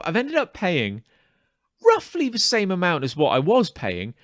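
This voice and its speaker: A man with a fairly high, wildly swooping voice speaks at a moderate pace as co-host of a casual podcast. He builds up a story animatedly, acting out quoted exchanges and stumbling over restarts, in a dry recording with clean studio sound.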